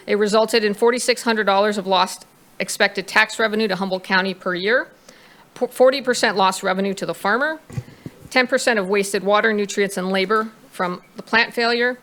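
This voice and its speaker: A woman's voice: mid-range voice, sharp tone. A woman consultant presenting to a planning commission, reading out figures with a few fillers. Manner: reads out figures, with some fillers.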